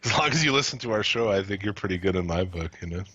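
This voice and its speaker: A man's voice: low-pitched, lively intonation, rapid-fire, pushed and bright, no echo, lo-fi sound. A man co-hosting a live podcast in casual chat, blunt and profane, often laughing as he rants. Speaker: podcast co-host.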